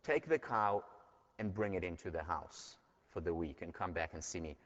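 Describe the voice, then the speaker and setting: A man voicing a calm, commanding village rabbi who gives terse instructions, heard in a dull recording from a lecture hall. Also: low voice, normal speed.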